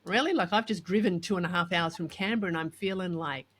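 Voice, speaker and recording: Animated woman host. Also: fairly low pitch, fast talker. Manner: animated, acts out quoted voices. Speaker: podcast host and coach. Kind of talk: casual chat with storytelling.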